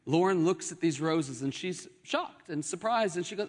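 A young adult man preaching a sermon as pastor, with emphatic rises and dramatic pauses. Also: a little high, lively intonation. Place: church sanctuary. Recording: long hall reverb.

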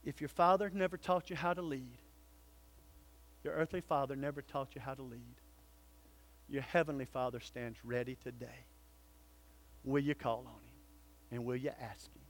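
A male pastor preaching a sermon, swinging between loud calls and hushed, earnest pleading. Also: medium pitch, fairly even intonation, normal speed, long pauses, no room sound.

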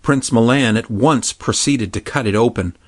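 A man narrating a fairy tale in a measured, even storytelling manner. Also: medium pitch, dry recording. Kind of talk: storybook reading.

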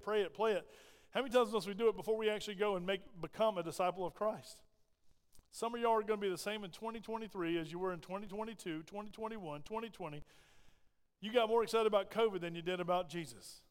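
Male preacher, high clear voice, church hall reverb, emphatic sermon. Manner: emphatic, rising and falling preaching delivery. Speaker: pastor. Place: church sanctuary.

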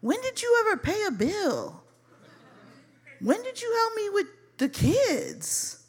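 A woman voicing a blunt young woman who speaks low and firmly. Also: lively intonation, normal speed, a little mellow, slightly rough. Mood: challenging.

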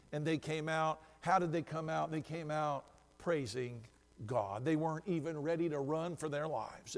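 A man with a notably high voice delivers a sermon as a pastor. He moves between storytelling and loud, emphatic declarations of faith. His words ring out with a long reverb, as if in a large church sanctuary.

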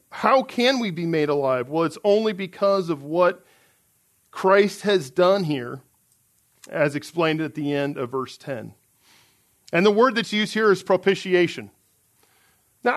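Earnest high-voiced male preacher. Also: a bit bright. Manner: earnest, emphatic, reads scripture aloud. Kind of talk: sermon.

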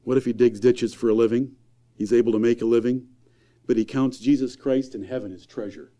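A man preaching a sermon in a church, emphatic, firing rhetorical questions and swinging from loud to hushed. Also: medium pitch, steady tone, brisk.

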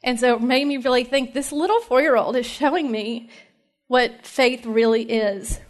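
A woman in her thirties from East Tennessee, with a Southern accent and a slightly high voice at normal speed, speaks at a moms' ministry meeting. Her personal faith talk to the mothers is chatty and heartfelt, packed with fillers and laughter.

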